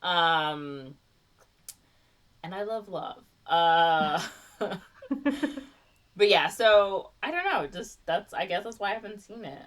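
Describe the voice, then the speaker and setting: A woman's voice: on the low side, lively intonation, slow pace, pauses often, far from the mic. A woman hosting a podcast, chatting casually in a giggly, rambling way with lots of fillers. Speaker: podcast host. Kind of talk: casual chat.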